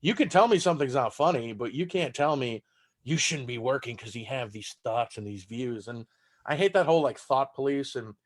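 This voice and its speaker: A man's voice: mid-range voice, lively intonation, a little fast. A man from Texas with a Southern accent, a stand-up comedian chatting loosely on a podcast, swearing and laughing as he tells stories. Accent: Southern American. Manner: loose, profane, laughing storyteller. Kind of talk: casual podcast chat.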